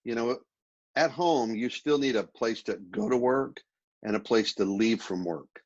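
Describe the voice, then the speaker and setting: A man giving relaxed, practical advice as a guest in a casual remote interview, often repeating his words as he talks. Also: mid-range voice, a little slow, highs cut off. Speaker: interview guest, productivity speaker.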